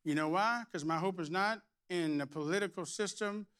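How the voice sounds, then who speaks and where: A middle-aged man, preaching a lively, playful sermon with shouts and humor. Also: high-pitched, normal speed, smooth. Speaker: pastor.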